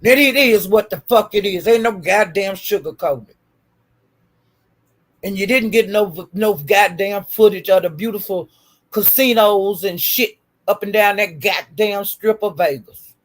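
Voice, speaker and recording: A woman's voice: medium pitch, measured pace. A woman ranting in a YouTube commentary, scolding and swearing nonstop with repeated insults. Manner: profane, scolding, repetitive insults.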